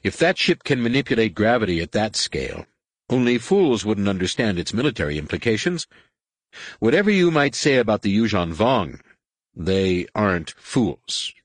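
A man's voice: on the low side, very animated, moderate pace, dry recording, voice pushed up. A man voicing an intense, insistent young Jedi. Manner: insistent, urgent.

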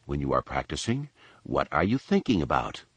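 A man voicing a young Jedi older brother who lectures quietly and sarcastically. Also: very deep voice, very animated, normal speed, slightly rough, dry recording, pitched below the performer's own voice, full character voice. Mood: lecturing.

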